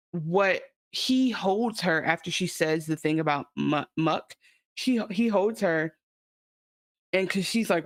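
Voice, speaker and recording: Una mujer que co-presenta un pódcast, comentando un episodio en charla informal y animada, con muchas muletillas y palabrotas. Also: female voice, low-pitched, dry recording, studio quality. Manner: animated, many fillers, swearing. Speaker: podcast co-host. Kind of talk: casual recap chat.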